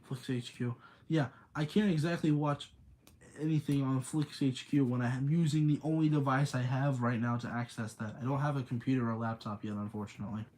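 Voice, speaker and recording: Rambling young man, mellow voice. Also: mid-range voice, steady tone, brisk. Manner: rambling, chatty, reads chat aloud. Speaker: streamer. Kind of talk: casual storytelling on a livestream.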